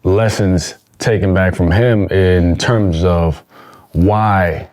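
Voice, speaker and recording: Laid-back guy on a talk show, kinda low voice, reflective, slangy. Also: slow, a little mellow. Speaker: actor and guest. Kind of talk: casual chat.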